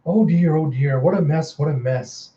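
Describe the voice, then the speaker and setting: A man's voice: fairly high pitch, normal speed, dark tone, recorded from a distance, highs cut off, natural voice. A man voicing a flustered old alien woman healer in a comic readthrough; she repeats herself as she fusses. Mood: fussing.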